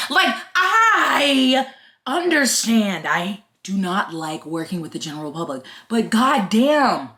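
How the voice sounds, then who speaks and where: A woman's voice: medium pitch, sing-song, slow pace, sharp tone. A young woman ranting in a casual vlog, swearing often and sounding exasperated. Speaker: vlogger.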